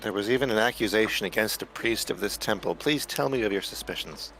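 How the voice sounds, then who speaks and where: A man's voice: fairly low pitch, fast talker, a bit bright. A man voicing an earnest young traveler who speaks formally and hesitantly. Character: earnest young male traveler returning to a temple. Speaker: player. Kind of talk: in-character tabletop roleplay.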